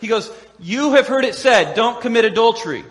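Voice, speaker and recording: High-voiced preaching man, animated. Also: fairly quick, long reverb tail. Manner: animated, acts out quoted voices with humor. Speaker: pastor. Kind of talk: sermon.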